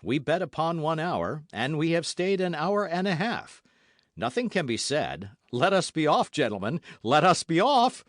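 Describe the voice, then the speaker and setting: A man voicing a calm, weary musketeer with a measured, dryly ironic manner, in an audiobook. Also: fairly high pitch, dry recording, clean studio sound, voice pushed up. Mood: brisk. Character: calm, weary older musketeer, dry wit.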